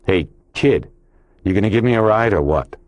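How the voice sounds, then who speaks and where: A man's voice: fairly low pitch, animated, normal speed, no echo, pitched above the performer's own voice, lightly acted. A male audiobook narrator voicing a tight-lipped male police detective who keeps his cool and speaks in a clipped, restrained way. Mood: guarded.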